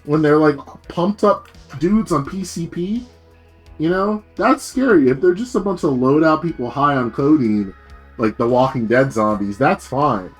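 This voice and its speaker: A man's voice: a little high, expressive, measured pace, breathy edge, faint music behind. A man streaming as a VTuber, rambling in a casual rant full of fillers and swearing.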